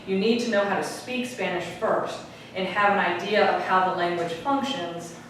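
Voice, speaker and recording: A woman's voice: lowish voice, noisy background. Upbeat woman teaching in a classroom. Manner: upbeat, energetic, quizzes students by name. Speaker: high school Spanish teacher. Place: high school classroom. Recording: echoey classroom from a distant mic.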